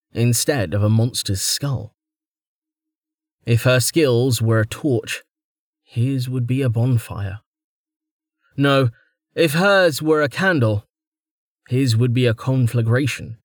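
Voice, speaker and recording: A man's voice: medium pitch, dry recording. A man narrating a fantasy audiobook with dramatic storytelling, close to the mic. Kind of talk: scripted narration.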